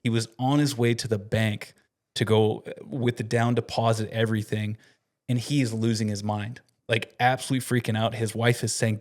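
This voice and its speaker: A man co-hosting a casual company podcast, telling a story in an animated way and often breaking into laughter. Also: lowish voice, fairly quick. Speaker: podcast co-host and company staff member.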